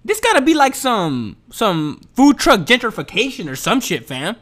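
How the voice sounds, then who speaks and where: Animated profane ranting man, high voice. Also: normal speed. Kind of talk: casual ranting monologue.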